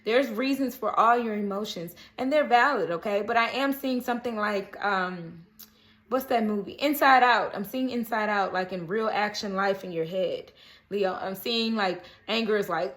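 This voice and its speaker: A woman's voice: mid-range voice, moderate pace, fairly bright tone. A woman giving a casual daily horoscope tarot reading, chatty and earnest, often checking in with viewers with "okay?". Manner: earnest, coaxing. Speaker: tarot card reader.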